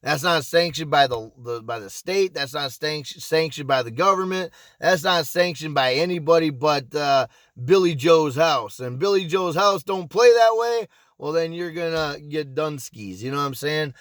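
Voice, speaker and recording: A man's voice: fairly high pitch, lively intonation, moderate pace, a bit bright, no room sound. A man who used to be a casino pit boss tells a story in casual, blunt vlog talk. He swears, restarts his sentences and keeps asking "you know what I'm saying?". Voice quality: blunt, profane, repeats himself.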